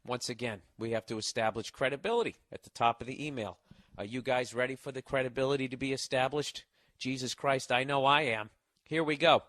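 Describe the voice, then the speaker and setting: A man's voice: mid-range voice, brisk, a bit bright, no echo, studio quality. A man hosting a podcast, reading out listener mail in a sarcastic, profane, mocking comic rant. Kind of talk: comic ranting monologue.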